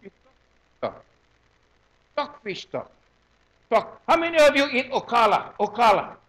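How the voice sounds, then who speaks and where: A man in his seventies with a Hawaiian Pidgin English accent, giving a lively, joking talk to a gathering and repeating words in quick bursts. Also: very high voice. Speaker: presenter at a community gathering.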